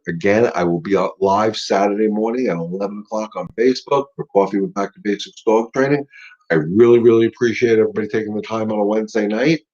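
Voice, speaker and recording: With a fairly low, slightly mellow voice over lo-fi sound, a middle-aged man runs a casual live-stream dog-training Q&A, coaching emphatically and restating his points.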